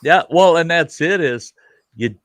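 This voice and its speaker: A middle-aged male host leads a casual chat, telling an animated story packed with swearing and acted-out voices. His voice is fairly high and unhurried, and the recording is dry.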